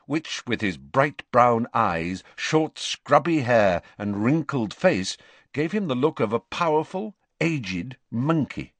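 A man narrating an audiobook in a measured, expressive storytelling voice. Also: medium pitch, no room sound. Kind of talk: scripted narration.

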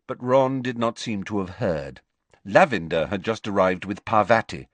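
A man narrating an audiobook with expressive, varied storytelling. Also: fairly low pitch, normal speed, no echo. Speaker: audiobook reader.

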